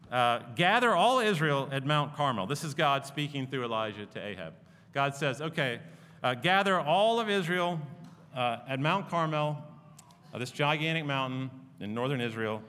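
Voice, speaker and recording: A man preaching a sermon, telling the story in a conversational, animated way with fillers and asides. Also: fairly high pitch, measured pace, big-room sound. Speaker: pastor.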